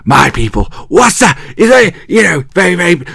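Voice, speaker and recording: Cheeky English man rambling, gravelly. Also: sits high, big pitch swings, moderate pace, a bit bright, no room sound, studio quality. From England. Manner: rambling, cheeky, thinks aloud and loses his place. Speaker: wrestling show host. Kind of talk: casual rambling recap.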